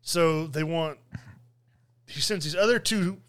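A man with a fairly high, bright, forceful voice, chatting casually on a podcast. He rambles through a movie recap, full of fillers and little laughs. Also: slow. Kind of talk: casual chat.

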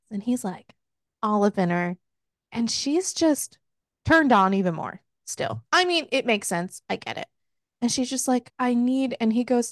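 A woman's voice: a little high, dry recording, clean studio sound. A woman hosting a casual book club podcast, laughing and candidly retelling scenes with quoted lines. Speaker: podcast host recapping a book.

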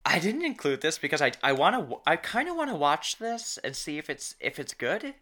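A podcast co-host in casual chat, chatty and quick to laugh, stumbling over words now and then. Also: mid-range voice, sing-song, bright, forceful tone.

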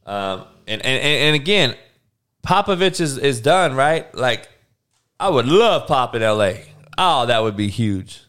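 A man's voice: mid-range voice, big pitch swings, unhurried, fairly bright tone, clear, resonant tone. A man hosting a sports podcast, ranting bluntly and profanely while talking back to his live chat. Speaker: podcast host. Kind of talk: casual sports rant.

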